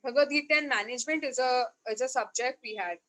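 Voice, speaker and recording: Indian english lady chatting on a podcast, high voice, lively storyteller, laughs a lot, acts out the dialogue. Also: quick pace, rough recording. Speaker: podcast guest, marketing head. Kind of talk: storytelling in casual conversation.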